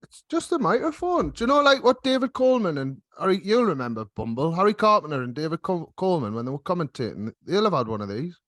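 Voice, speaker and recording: A man's voice: on the high side, big pitch swings, fast talker, fairly bright tone, no room sound. A man hosting a casual podcast chat with cheeky, sweary banter, speaking right into a close microphone. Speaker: podcast host. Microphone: microphone held right up to the mouth.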